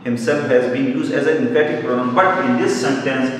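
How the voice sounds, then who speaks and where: A male English teacher giving a grammar lecture, explaining slowly and repeating key words, with brief Hindi glosses. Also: medium pitch, a little hiss or hum. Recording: echoey hall, mic far off.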